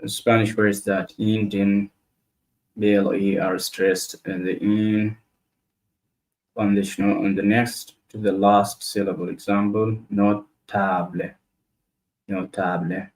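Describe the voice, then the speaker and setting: Male learner, lowish voice, very slow, repeats practice words aloud on a study stream. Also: level tone, darkish tone. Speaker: language learner livestreaming study. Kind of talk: self-study livestream.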